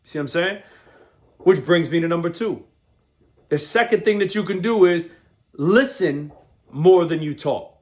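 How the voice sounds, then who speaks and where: A man hosting a motivational podcast in an energetic, slangy talk, often restarting and asking "right?". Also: on the high side, a little slow, pauses often. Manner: restarts and repeats words often.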